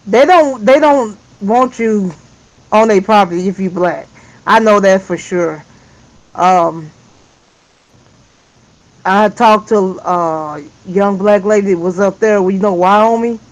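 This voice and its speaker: Man, very high pitched voice, rambling casual talk, laughs a lot. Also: slow pace, pauses often, low-quality recording. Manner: rambling, laughs often, trails off and restarts. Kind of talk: casual chat.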